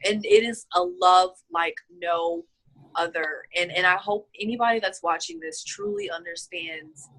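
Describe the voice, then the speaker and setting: A woman's voice: mid-range voice, very animated, a little slow, vocal fry, a bit bright, rough recording. A woman being interviewed about her healing, speaking heartfelt and choked up, with many fillers. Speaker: healing client. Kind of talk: casual video-call interview.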